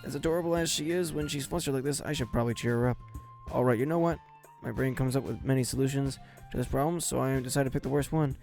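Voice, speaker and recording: Streamer guy reading a visual novel, kinda gravelly, music low in the back. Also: fast, a little mellow.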